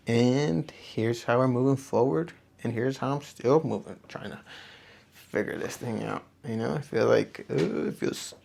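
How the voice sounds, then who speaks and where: A man's voice: mid-range voice, creaky, a little mellow. A young man hosting a solo podcast, talking to camera in a rambling, profane, self-reflective way. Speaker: podcast host. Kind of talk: casual solo talk to camera. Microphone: camera on a small tripod.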